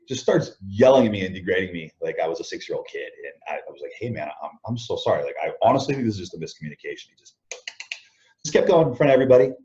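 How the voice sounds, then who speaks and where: A man's voice: deep voice, quick pace. A man being interviewed as a guest, telling backstage stories in a casual way, acting out what others said and chuckling often. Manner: animated anecdotes, acts out quoted lines, chuckles often. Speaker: interview guest, former wrestler. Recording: dull lo-fi audio.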